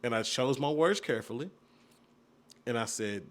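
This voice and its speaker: A young man chatting on a podcast, telling stories about his family and slipping into the voices of the people in them. His pitch sits in the middle for a man. He talks loosely and casually. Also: normal speed, long pauses, slight background noise. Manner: storytelling, animated retellings of family moments. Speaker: podcast co-host. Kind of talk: casual chat.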